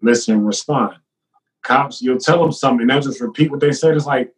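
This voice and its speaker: A man in a casual podcast chat who tells his stories in an animated, slangy way. His voice sits in a middle register and sounds set back from the microphone. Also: mid-range voice, brisk, distant mic.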